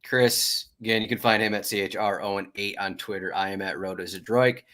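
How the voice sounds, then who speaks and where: A man hosting a sports betting podcast, talking in a relaxed, chatty way with many restarts. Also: lowish voice, fairly quick. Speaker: podcast host. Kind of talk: casual chat.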